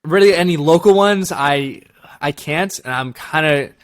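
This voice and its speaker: A man with a slightly higher voice chats loosely as co-host of a review show. He laughs a lot and rambles in an animated way. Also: unhurried. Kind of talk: casual review chat.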